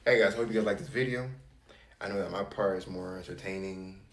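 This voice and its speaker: A young man from Florida hosting a casual chat, telling stories in an animated way and quoting people in exaggerated voices. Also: deep voice, fairly quick, echoey room, soft background music. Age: young adult. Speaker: channel host.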